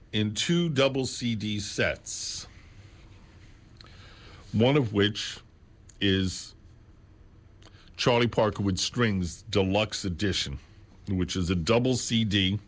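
A man hosting a radio show from a studio, talking in an unscripted way and slowly spelling out catalog numbers. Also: fairly low pitch, fairly bright tone. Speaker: radio host. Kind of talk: unscripted radio talk about records. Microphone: studio mic on a stand.

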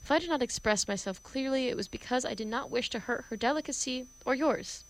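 A woman's voice: high voice, a little fast, pitched above the performer's own voice, low-quality recording. Woman voicing an imperious male professor, brusque, theatrical, play reading. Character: domineering male phonetics professor.

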